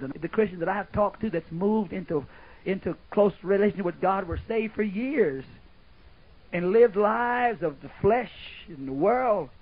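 A man's voice: high-pitched, breathy edge. An older man preaching a folksy, rambling sermon at a camp meeting. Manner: folksy, rambling, sudden shouts and laughs. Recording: muffled lo-fi old tape, narrow band.

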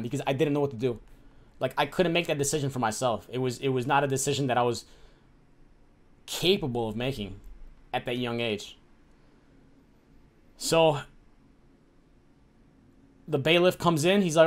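A young man from the Chicago area tells a personal story straight to his audience. He swears constantly and gets heated, acting out the people in his story in a slightly high voice. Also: normal speed, long pauses. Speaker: streamer telling his life story. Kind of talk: casual storytelling to camera.

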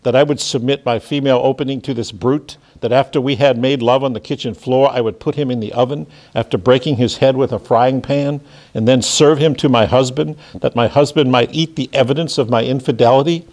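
A man's voice: medium pitch, fairly even intonation, brisk, darkish tone, voice pushed up, lightly acted. A man reading aloud the part of a prim housewife who stubbornly defends the dinner she serves. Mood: indignant.

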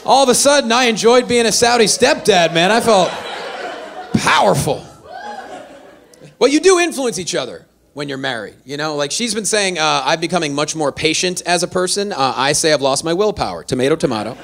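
A man performing a stand-up comedy set, telling animated, self-deprecating stories. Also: sits high, moderate pace, vocal fry. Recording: live venue with faint audience.

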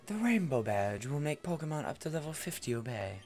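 A man voicing a soft-spoken young woman gym leader, gentle and polite, on a headset mic. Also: on the high side, very animated, a little fast, pitched above the performer's own voice.

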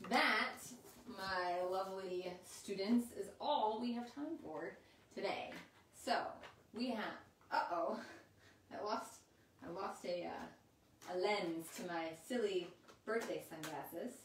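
A woman teaching a kindergarten class online, talking in a slow, sing-song, encouraging way. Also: medium pitch, fairly bright tone, slight background noise. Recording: roomy, slightly distant mic with faint ambience.

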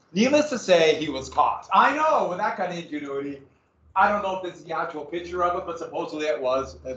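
A man whose voice is a little high and fairly bright gives a relaxed, humorous slide presentation to a small room audience. He's chatty with plenty of tangents, and the recording sounds roomy, distant and slightly dull.

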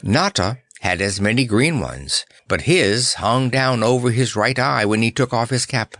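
A man narrating a children's book in a measured, expressive way. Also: mid-range voice, no room sound. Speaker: audiobook narrator. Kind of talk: scripted narration.

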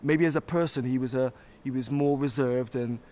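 A man's voice: mid-range voice, steady tone, moderate pace, warm tone, soft background music. Laid-back heartfelt male musician. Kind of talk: casual interview.

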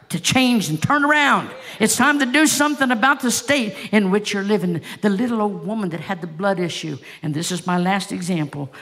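A woman pastor with a medium-pitched voice preaches a sermon, telling stories passionately and putting rhetorical questions to the congregation.

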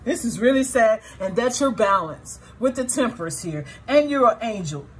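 A woman's voice: fairly high pitch, lively intonation, normal speed, slightly rough. Blunt, profane woman reading tarot. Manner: blunt and profane, speaking straight to the audience; emotionally charged, swings between sorrow and indignation. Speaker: tarot reader. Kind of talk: tarot reading addressed to viewers.

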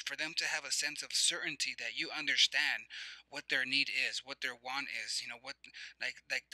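A man's voice: mid-range voice, bright, forceful tone, dry recording, rough recording. A man giving a motivational teaching talk, guiding listeners through reflective questions and breathing cues in a conversational, repetitive way. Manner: conversational with many fillers and restarts. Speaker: motivational coach.

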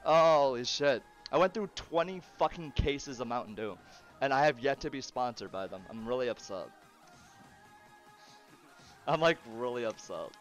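A man's voice: mid-range voice, expressive, moderate pace, long pauses, soft background music. A man streaming a game live, swearing, groaning in frustration and laughing between outbursts. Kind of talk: live gaming stream chatter.

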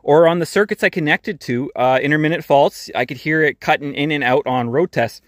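A man's voice: fairly high pitch, brisk, a bit bright, no echo. A male mechanic hosting a casual, plain-spoken how-to tutorial from his garage. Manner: plain-spoken, hands-on, practical. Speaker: mechanic, channel host.

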